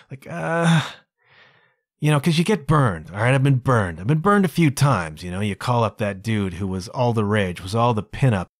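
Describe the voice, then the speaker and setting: A man's voice: fairly low pitch, lively intonation, normal speed, dry recording, clean studio sound. A man hosting his own podcast as a solo monologue, chatty and full of asides. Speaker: podcast host.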